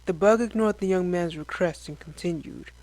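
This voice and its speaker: A man reading a scripted science-fiction story aloud as narrator, in a steady, descriptive way. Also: sits high, normal speed, rough recording.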